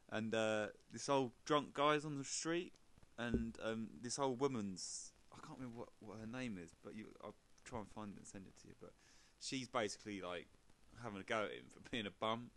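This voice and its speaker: Man, podcast co-host, rambling casual anecdotes, bright forceful tone. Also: lowish voice, a little fast. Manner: rambling anecdotes with fillers, laughs a lot. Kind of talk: casual chat.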